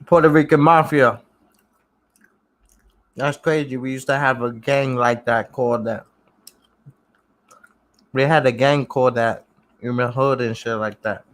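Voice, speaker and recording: A man's voice: medium pitch, steady tone, measured pace, long pauses. Laid-back man chatting on a livestream. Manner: laid-back street slang, repeats phrases. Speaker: livestream host reading comments. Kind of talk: casual livestream chat.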